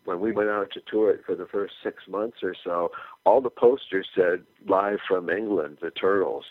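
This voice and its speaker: A man's voice: sits low, normal speed, no room sound. Older man telling stories over a phone line. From California. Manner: animated anecdotal storyteller, acts out quoted dialogue. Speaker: musician guest. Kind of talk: radio interview storytelling. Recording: phone-line interview, dry.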